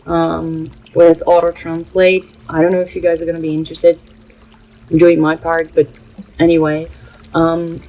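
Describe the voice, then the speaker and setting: A woman's voice: sits low, completely flat delivery, mellow, poor audio. Earnest woman. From Brazil. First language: Portuguese. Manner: earnest, halting, many filler pauses. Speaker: spiritual channel host. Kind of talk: casual spiritual vlog talk.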